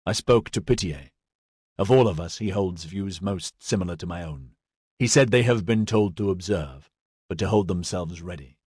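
A man reading an audiobook, voicing a guarded male informant who speaks in a hushed, measured way. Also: low voice, slightly rough, no echo, clean studio sound.

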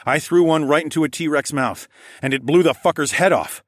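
A man narrating a first-person story in a steady, measured way. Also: fairly high pitch, no echo, clean studio sound. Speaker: audiobook narrator.

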